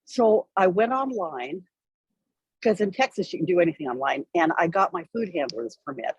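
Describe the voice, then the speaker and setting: A woman telling a story in conversation, lively and wry, acting out the people she quotes. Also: lowish voice, moderate pace, husky, no echo, dull audio. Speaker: interview guest.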